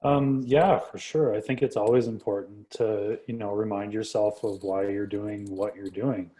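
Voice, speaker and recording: Low mellow guy on a video call panel, flat delivery, says you know a lot. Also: normal speed, low-quality recording. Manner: relaxed, fills with you know and repeats. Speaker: guest panelist, museum digital head. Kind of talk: casual panel talk.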